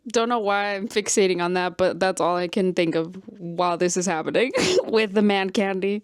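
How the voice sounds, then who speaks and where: A young woman vlogging casually about a book she is reading, talking in an animated way, laughing often and swearing freely. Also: mid-range voice, moderate pace, smooth. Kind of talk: casual vlog chat.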